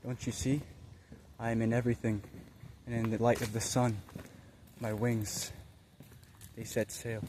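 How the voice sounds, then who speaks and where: A man voicing a divine spirit that speaks through him, in a slow, hushed and solemn way. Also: medium pitch, flat delivery, background noise, lightly acted. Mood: solemn, tender.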